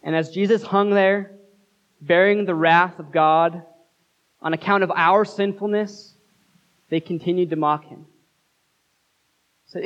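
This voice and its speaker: A man preaching a sermon as pastor, earnest, with dramatic pauses. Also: fairly high pitch, fairly even intonation, a bit bright, lo-fi sound.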